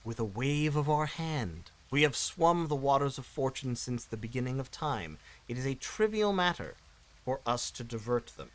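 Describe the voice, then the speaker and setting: Raspy ancient demon queen, guy doing the voice, slow and creepy, cruel and grand. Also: mid-range voice, big pitch swings, close to an everyday voice, poor audio. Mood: menacing. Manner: slow, drawn-out, looming delivery.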